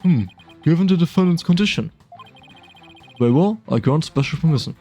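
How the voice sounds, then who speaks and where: Man doing an excitable old judge, mellow voice, flustered, game voice. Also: on the high side, a little fast, faint music behind. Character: flustered elderly male judge. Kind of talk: casual game dialogue reading.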